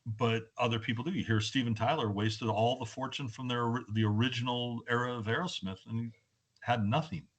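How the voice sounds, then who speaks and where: A man guest on a podcast, telling animated stories in a casual chat. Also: mid-range voice, a little fast. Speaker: guest musician.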